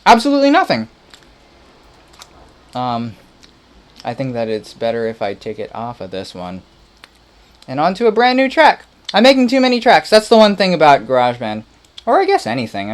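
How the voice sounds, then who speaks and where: A man casually thinking aloud while making music on a livestream, muttering, playful and rambling. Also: medium pitch.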